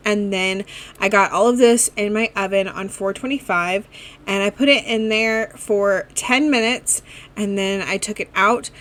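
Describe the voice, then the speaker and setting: A woman talks through her week of family dinners in a relaxed, chatty voice-over, moving one step at a time. She drops in the occasional "um" and "like" as she goes. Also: mid-range voice, unhurried. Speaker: cooking vlogger. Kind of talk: casual recipe voice-over.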